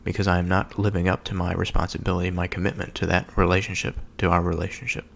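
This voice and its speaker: A man giving a slow, halting contemplative reflection on a scripture reading, pausing often and thinking aloud as he goes. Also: low-pitched, monotone, gravelly, fairly bright tone. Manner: slow, halting, with many pauses and fillers. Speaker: solo speaker reflecting on scripture.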